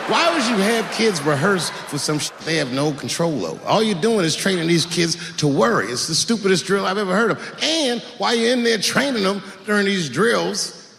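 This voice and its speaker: A middle-aged male comedian telling profane stand-up stories on a live stage, his pitch sitting a little high and swinging widely. His voice carries a long hall reverb, with a faint room ambience underneath. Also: moderate pace, creaky, noisy background. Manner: animated, profane, acts out quoted voices.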